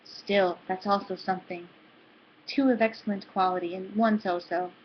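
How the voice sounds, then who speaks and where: A woman's voice: mid-range voice, steady tone, normal speed, lo-fi sound, a little hiss or hum, lightly acted. A woman reading the lines of a showy male fertility doctor, in a ceremonious manner.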